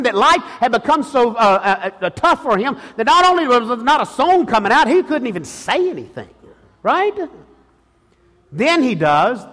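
A man with a very high voice preaches a sermon in a church sanctuary, his words ringing through a long hall reverb. He repeats and restarts phrases and calls out questions to the congregation. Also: a bit bright. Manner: frequent restarts and repetitions. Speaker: pastor.

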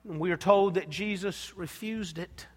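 A man preaching a sermon with passion, dropping to a hush and then rising loud. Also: sits high, moderate pace. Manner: impassioned, swinging from hushed to loud. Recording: long hall reverb.

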